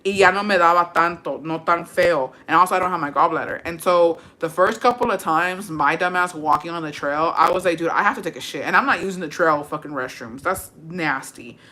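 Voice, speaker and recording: A woman's voice: fairly low pitch, brisk, hardly any pauses. A woman livestreaming and reading viewer comments, telling stories in casual chat. She is brash and swears a lot, and she switches between English and Spanish. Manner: brash, profane, animated storytelling.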